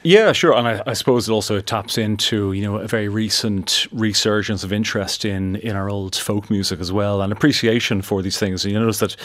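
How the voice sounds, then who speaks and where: A man's voice: fairly low pitch, steady tone, fairly quick, hardly any pauses, fairly bright tone, no room sound. A man reviewing a film on a talk show, thoughtful and full of "sort of" and "you know". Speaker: film critic guest. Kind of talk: casual film review chat.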